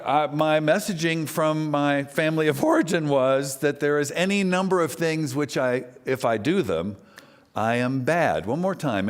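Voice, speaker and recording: Chatty Texan man giving a sermon. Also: fairly high pitch. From Texas. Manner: chatty, animated, asks the audience questions. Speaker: guest speaker at a spiritual center. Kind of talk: conversational sermon. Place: spiritual center hall.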